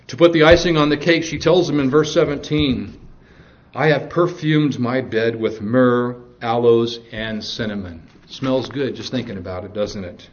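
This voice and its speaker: A man's voice: medium pitch, lo-fi sound. A male pastor preaching a sermon, reading scripture aloud and mixing jokes with stern warnings.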